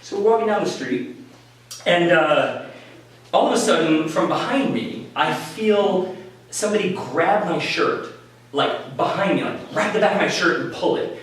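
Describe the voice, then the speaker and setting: A man telling a personal story at a live story slam in a conversational, animated way, with quick asides to the audience. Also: high-pitched. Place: small venue before a live audience. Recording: echoey room, mic from a distance. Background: audience laughter.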